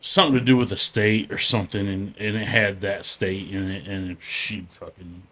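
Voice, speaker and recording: A man's voice: deep voice, steady tone, normal speed, fairly bright tone. A man co-hosting a podcast, telling stories in casual chat and swearing freely. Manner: swearing, storytelling, laughs often. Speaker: podcast co-host.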